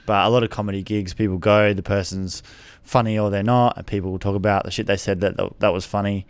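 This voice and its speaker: A man's voice: fairly low pitch, flat delivery, fast, clear, resonant tone, dry recording. A man hosting a casual interview, who encourages his guest with short affirmations. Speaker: podcast host.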